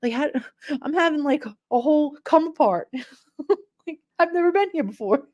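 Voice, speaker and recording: A middle-aged woman hosts a casual livestream, speaking directly to her chat viewers in a warm, mellow, fairly high voice. She's animated, rambling through everyday stories at a moderate pace with long pauses, laughing often and acting out the people involved.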